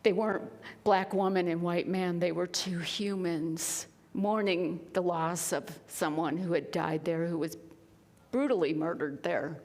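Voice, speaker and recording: A woman minister preaching a sermon, telling a story earnestly, often dropping to a hushed voice. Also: on the low side, steady tone, measured pace. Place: spiritual center sanctuary. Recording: long reverb of a church hall.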